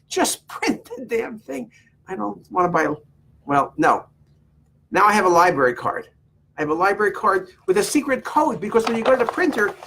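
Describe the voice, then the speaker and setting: Husky man telling an exasperated story. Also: high voice, a bit bright. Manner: rambling, exasperated storytelling with quoted exchanges. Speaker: vlogger telling a personal story. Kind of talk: casual anecdote to camera.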